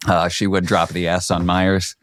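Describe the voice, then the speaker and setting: Laid-back low-voiced man. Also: little pitch movement, normal speed, no room sound. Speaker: podcast co-host. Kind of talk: casual chat.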